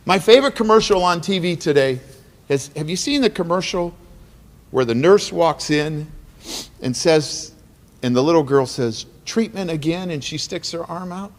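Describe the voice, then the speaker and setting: A man's voice: a little high, expressive, unhurried. A man speaking as guest speaker at an awards dinner, earnest and emotional, with a preacher-like cadence and repeated phrases. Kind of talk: emotional motivational speech. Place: banquet hall. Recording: long hall reverb.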